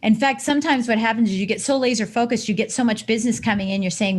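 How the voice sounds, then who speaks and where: A woman's voice: fairly high pitch, fast talker, hardly any pauses. A woman guest on a podcast, a coach explaining her ideas and acting out scenarios with quoted self-talk. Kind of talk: casual interview chat.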